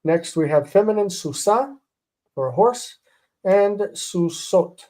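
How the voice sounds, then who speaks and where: A man's voice: sits high, expressive, takes it slowly, warm tone. A man teaching a live online Hebrew lesson, patiently repeating terms and rules.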